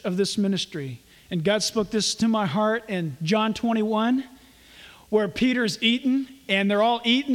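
A man's voice: sits high, long reverb tail. A man preaching a sermon as pastor and Bible teacher, telling stories animatedly and acting out the characters' voices.

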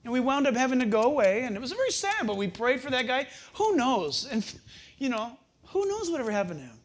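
An older man preaching a sermon, telling stories with animated, chuckling asides. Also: extremely high pitch, fairly quick. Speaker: pastor.

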